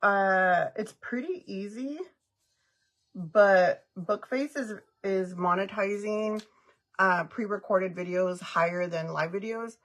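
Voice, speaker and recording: On a makeup livestream, a middle-aged woman talks casually and slowly at a medium pitch. She giggles, welcomes viewers by name, and blends Spanish phrases with her English.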